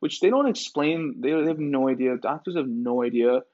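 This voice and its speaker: A man's voice: mid-range voice, normal speed, a little mellow. A man hosting a podcast, ranting in a sarcastic, profane, rambling way full of fillers. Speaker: podcast host. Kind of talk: casual ranting monologue. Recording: dull lo-fi recording.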